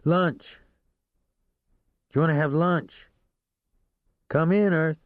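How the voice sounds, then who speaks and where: A man's voice: a little high, slow pace, no room sound, voice pushed up. A man voicing a blunt, caring woman police colleague who teases and presses him, read in an audiobook. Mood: teasing. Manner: teasing, persistent, plain-spoken. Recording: dry, narrow phone-like sound.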